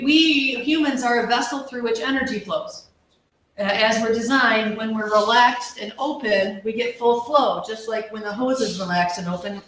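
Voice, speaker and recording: Captured from far away in a heavily echoing room with a faint background hum, this woman's voice sits on the high side with a fairly bright tone. She's a counselor leading a casual workshop, chatting in a self-deprecating way, frequently starting over and checking that listeners are keeping up.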